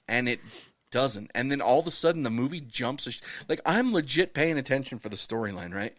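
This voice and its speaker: A man co-hosting a podcast, telling stories in profane, animated casual banter. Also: medium pitch, moderate pace, no echo, clean studio sound. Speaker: podcast co-host.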